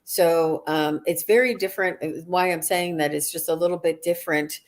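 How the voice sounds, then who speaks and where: A woman hosting a live online show, speaking in a halting, hesitant way as she introduces her guest. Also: fairly low pitch, steady tone. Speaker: host of a live psychic show. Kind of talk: live-stream interview.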